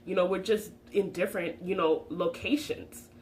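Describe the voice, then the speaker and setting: A woman's voice: on the low side, steady tone, moderate pace, a little mellow, slight background noise, poor audio. A young woman vlogging her opinions, emphatic and preachy, talking with her hands. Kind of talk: passionate opinion vlog.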